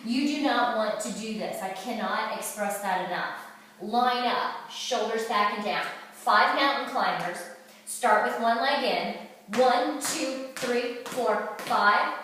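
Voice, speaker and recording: A woman fitness instructor with a fairly high voice calls out moves as she does them, getting winded as she goes. She is recorded from across a large room, and the sound is very echoey and distant. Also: slow pace, fairly bright tone, a little hiss or hum. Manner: cueing moves while exercising. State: out of breath. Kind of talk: workout demonstration.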